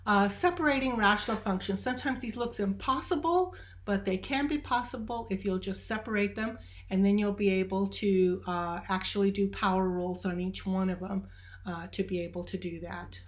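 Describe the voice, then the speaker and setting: A woman at a middle pitch for her sex talks through calculus problems one step at a time. Her delivery is steady and methodical, with frequent small "uh" fillers as she works. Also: normal speed. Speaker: math teacher. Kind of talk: recorded math lecture.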